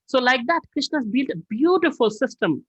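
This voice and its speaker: A man's voice: extremely high pitch, normal speed, no room sound. A man teaching an online scripture class, telling stories and asking his students questions. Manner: animated, conversational, asks the class questions. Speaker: spiritual teacher. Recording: dull dry online audio.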